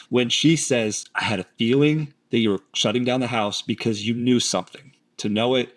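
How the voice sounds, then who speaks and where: A man's voice: mid-range voice, a little fast, hardly any pauses. A man hosting a commentary, explaining his analysis of recorded statements in an emphatic, explanatory way.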